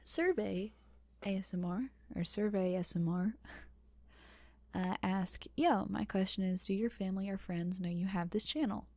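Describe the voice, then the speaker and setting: Soft-spoken Southern woman, gravelly and hushed. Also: mid-range voice, moderate pace, no room sound. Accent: softened Southern US. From American South. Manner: soft, partly whispered, hesitant with many fillers. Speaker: ASMR channel host. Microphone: close microphone.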